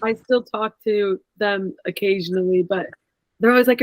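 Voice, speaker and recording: A woman's voice: mid-range voice, moderate pace, no echo, low-quality recording. A young woman co-hosting a podcast, chatting casually and rambling with frequent "like" fillers. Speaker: podcast co-host, former pro soccer player.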